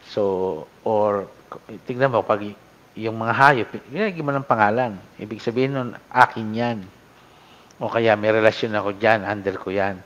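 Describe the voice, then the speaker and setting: A middle-aged Filipino priest with a Filipino accent, giving a conversational Bible lecture that mixes Tagalog and English, with a frequent "no?" and lifts in pitch when he quotes scripture. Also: moderate pace, a bit bright. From Philippines. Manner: conversational, frequent tag "no?" and fillers, rises sharply when quoting scripture. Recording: dull lo-fi lecture recording.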